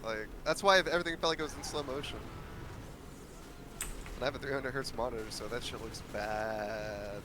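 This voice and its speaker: A man's voice: mid-range voice, normal speed, noisy background. A young man co-casting a live stream, laid-back and joking, swearing casually. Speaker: stream co-caster.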